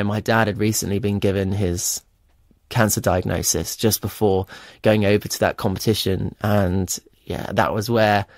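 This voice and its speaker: A man's voice: lowish voice, no echo. A young man in his twenties from England, a guest telling his story in a radio interview, candid and earnest with many fillers. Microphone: studio microphone. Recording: dry studio sound.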